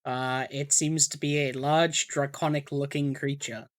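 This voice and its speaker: A woman narrating a tabletop game as game master, relaxed with many fillers. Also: extremely low pitch, measured pace.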